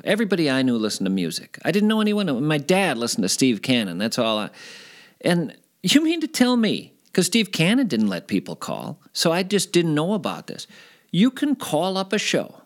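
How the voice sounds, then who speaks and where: A middle-aged man from Minnesota telling stories from his past in a casual interview, animated and climbing high when he gets excited. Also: brisk. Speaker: guest storyteller.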